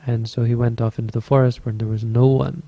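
A man's voice: mid-range voice, little pitch movement, a little fast, vocal fry, no echo, muffled recording. A man teaching as a Buddhist meditation teacher, telling a story in a dharma talk with an easygoing, rambling manner and frequent self-corrections.

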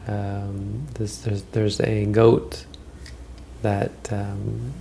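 A man with a low, gravelly voice gives a Buddhist dharma talk, wandering through old teaching stories. He speaks conversationally, often stopping and restarting mid-phrase. His tone stays mellow and dark, with faint background noise. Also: little pitch movement, very slow. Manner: rambling, conversational, frequent restarts.

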